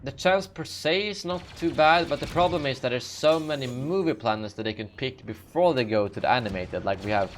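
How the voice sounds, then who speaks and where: Young male streamer host, mid-pitched, casual and meandering, yawny, self-correcting, faint background noise. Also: expressive, fairly quick, few pauses. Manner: rambling, self-correcting, lots of fillers. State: sleepy, yawning. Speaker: gaming channel host. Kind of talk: live Q&A, reading and answering chat questions.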